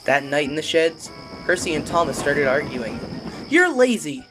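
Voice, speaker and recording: A narrator telling a children's toy-train story in an expressive, storybook manner. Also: medium pitch, moderate pace, background noise.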